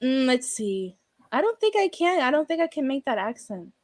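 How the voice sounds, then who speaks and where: A woman's voice: high-pitched, big pitch swings, moderate pace, dry recording. A woman hosting a casual chat stream who babbles on and swears freely. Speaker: streamer host.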